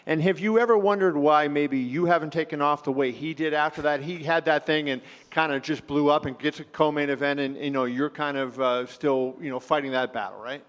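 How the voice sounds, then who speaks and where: A man's voice: on the high side, fairly even intonation, fairly quick, hardly any pauses, in a large hall. A male reporter asking long, winding questions at a press event. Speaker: interviewer.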